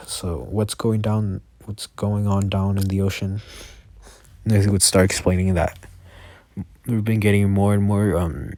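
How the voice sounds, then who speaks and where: A tired man makes up a story as he goes, in a very deep, slow voice. He stops, restarts and corrects himself often. The sound is dry and close. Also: warm tone, no echo. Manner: halting, self-correcting, many fillers. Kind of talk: improvised fan story narration.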